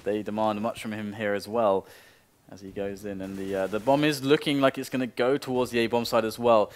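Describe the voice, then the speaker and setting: Male esports caster, play-by-play commentary, mid-range voice, steady analysis rising to excited calls. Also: medium pitch, brisk, a little hiss or hum. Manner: builds to excited bursts on big plays, calmer on analysis.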